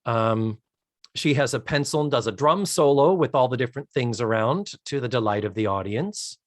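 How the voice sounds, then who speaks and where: A man co-hosting a podcast, casually retelling a TV episode in an animated way and laughing often. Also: mid-range voice, normal speed, no echo, clean studio sound. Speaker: podcast co-host. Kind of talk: casual chat, recapping a TV episode.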